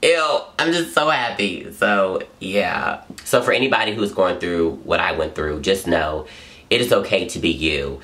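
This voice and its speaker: A man's voice: low-pitched, normal speed, fairly bright tone. A young man telling a personal story straight to camera in an earnest, gushing vlog, often repeating himself. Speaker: vlogger. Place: home in Los Angeles.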